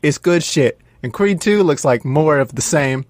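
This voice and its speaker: A man co-hosting a casual podcast chat, telling jokey stories in an animated way. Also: fairly high pitch, normal speed, no echo, clean studio sound. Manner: animated joking storyteller. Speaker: podcast co-host.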